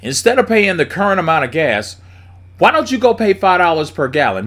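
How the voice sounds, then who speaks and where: Male commentator, blunt and profane, lively swinging pitch, a bit high-voiced. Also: a little fast. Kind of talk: opinionated monologue.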